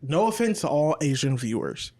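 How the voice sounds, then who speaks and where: A co-host on a casual podcast, joking around in an animated, profane way. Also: mid-range voice, moderate pace.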